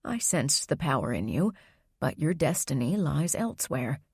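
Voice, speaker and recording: A woman voicing a calm, secretive grandmother who speaks in a soft, low, soothing way. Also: moderate pace, husky, dry recording, studio quality, exaggerated voice.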